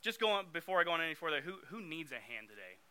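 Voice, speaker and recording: A young man preaching a sermon in a chatty, conversational way that turns emphatic on the scripture readings. His voice is very bright and forward, smooth and clear, sitting a little high for a man. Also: sing-song, quick pace. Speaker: youth preacher.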